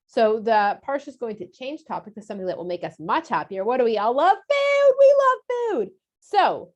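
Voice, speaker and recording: A woman explaining a weekly lesson for kids in a chatty, casual way, stopping often on little filler sounds. Her pitch sits in an ordinary middle range. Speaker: teacher.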